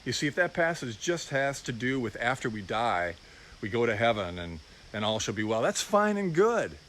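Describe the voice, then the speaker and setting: A man's voice: medium pitch, big pitch swings, moderate pace, a bit bright, a little hiss or hum. A middle-aged man giving an informal, personal sermon as a pastor, reflective and confessional.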